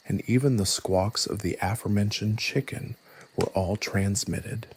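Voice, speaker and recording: A man narrating a scripted story in a soft, hushed, evenly paced reading voice. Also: on the low side, slightly rough.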